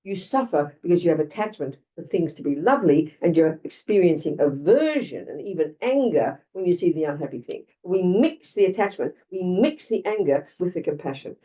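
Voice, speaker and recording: A woman's voice: on the low side, expressive, brisk, hardly any pauses, dark tone. An older Australian woman giving a Buddhist dharma talk in a blunt, conversational way, full of asides to her listeners. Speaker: Buddhist teacher. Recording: lo-fi, distant mic.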